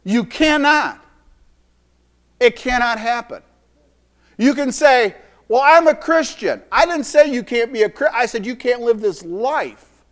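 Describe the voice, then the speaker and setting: A middle-aged man delivers a sermon with a lively, rising-and-falling voice that sits a little high for a man. He speaks in a folksy way, repeating phrases for weight and dropping from loud declarations into quiet asides. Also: normal speed. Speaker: preacher.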